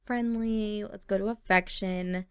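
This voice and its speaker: A woman's voice: medium pitch, fairly even intonation, a little slow, smooth, dry recording. A woman hosting a casual life-sim let's-play, chatty and giggly, talking fondly to viewers. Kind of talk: casual gameplay commentary.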